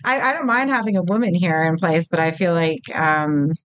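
A woman co-hosting a casual podcast chat about movies, chatty, full of fillers, quick to laugh and swear. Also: on the low side, lively intonation. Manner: chatty, lots of likes, swears and laughs easily. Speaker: podcast co-host.

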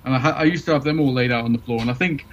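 A man's voice: medium pitch, racing, dull audio, a little hiss or hum. A middle-aged man in casual chat, telling anecdotes with hesitant restarts and laughs.

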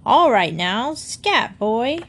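A woman's voice: a little high, very animated, a bit bright, full character voice. A woman voicing a bossy, prim talking bird that scolds a boy. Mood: scolding. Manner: scolding, brisk.

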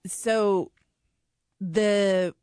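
A woman co-hosting a sports radio show, chatting casually and explaining her points in a measured way at a studio mic. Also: medium pitch, fairly even intonation, darkish tone, smooth, no echo. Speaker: radio co-host. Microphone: studio microphone.

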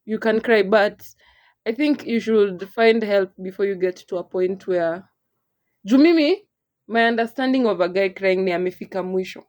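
A young woman with a Kenyan accent, co-hosting a casual podcast chat in an animated way. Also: mid-range voice, normal speed. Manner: animated, mixes English and Swahili, laughs often. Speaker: podcast co-host.

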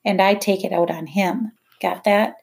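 A woman voicing a harsh, bitter mother who speaks in heavy, cold, slow threats, in an audiobook. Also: mid-range voice, steady tone, gravelly, a little mellow, natural voice. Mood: threatening.

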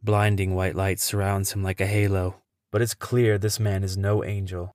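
A man who hosts a podcast, telling a tense first-person story in a measured way. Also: low-pitched, little pitch movement, darkish tone, no room sound, studio quality.

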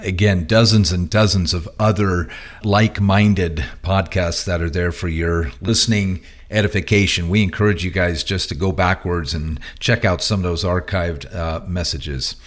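A man's voice: deep voice, steady tone, normal speed. A man hosting a ministry podcast, jovial and easygoing, laughing easily between questions. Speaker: podcast host. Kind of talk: podcast conversation.

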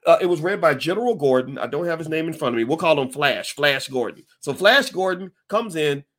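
A man hosting his own podcast, talking to listeners in a folksy, emphatic, animated way and often restarting his sentences. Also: on the high side, a little fast. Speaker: podcast host. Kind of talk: casual commentary to listeners.

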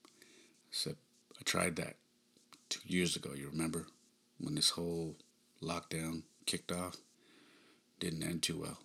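Deep flat-voiced guy talking low and slow, bit sharp-edged tone, sighs a lot between words. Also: vocal fry, husky. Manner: subdued, sighing, halting. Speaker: podcast host. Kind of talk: personal storytelling monologue.

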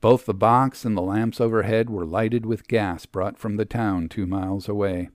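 A man narrating a literary story in the first person, measured and storytelling. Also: fairly low pitch, fairly even intonation, no echo. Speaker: reader.

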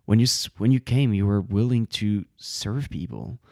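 A man's voice: lowish voice, moderate pace, gravelly, darkish tone, dry recording. A man performing in an improvised comedy sketch, dry and mock-dismissive.

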